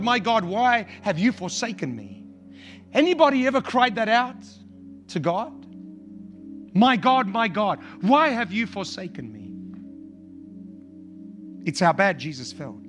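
A man's voice: sits high, pushed and bright. A male pastor preaching a sermon with impassioned, repetitive emphasis.

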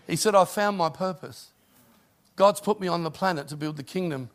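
A man's voice: sits high, normal speed. A middle-aged man, a pastor, preaching a sermon and telling stories with rising emphasis.

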